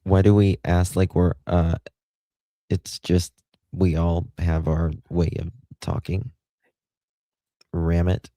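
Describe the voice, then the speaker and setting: A man's voice: sits low, level tone, takes it slowly, long pauses, dark tone, no room sound. A man co-hosting a casual chat, opinionated and rambling, often restarting his sentences.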